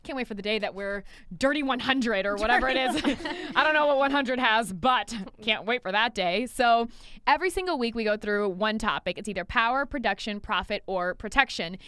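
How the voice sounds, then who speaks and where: An upbeat woman hosts a business podcast and talks energetically with a fairly high voice. She is casual and blunt, with quick asides. The sound is dry and close to the mic. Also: sharp tone, clear, resonant tone, dry recording. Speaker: podcast host, business coach.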